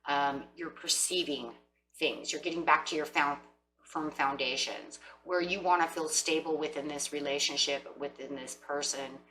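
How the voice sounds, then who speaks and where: In a low-quality recording with slight background noise, a woman reads tarot in a deep, sharp voice at a moderate pace. She speaks right to her audience and dramatizes imagined quotes from the figures she describes.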